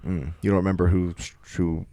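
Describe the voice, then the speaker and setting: A young man co-hosting a casual sports podcast, deadpan and skeptical as he recounts sports history. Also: deep voice, a little fast, dry recording. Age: young adult. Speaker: podcast co-host.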